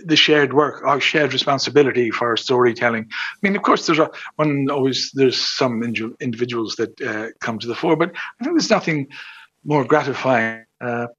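An older man guest actor being interviewed, speaking haltingly and searching for words with many fillers. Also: medium pitch, fairly bright tone, highs cut off. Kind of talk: interview conversation.

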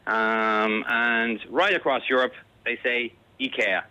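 An Irish man in his forties chats on a radio call. His voice is bright and forward, and he speaks with precise, fussy care over how each word is said. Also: medium pitch, steady tone, slow, clean tone, low-quality recording. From Ireland. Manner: precise, fussy about pronunciation. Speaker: caller. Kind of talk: casual chat.

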